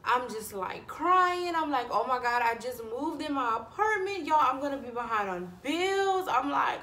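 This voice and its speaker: A young woman vlogging to camera, chatting in a stressed but animated storytelling way and addressing viewers directly. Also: a little high, a little slow, roomy sound. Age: young adult. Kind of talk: casual chat to camera.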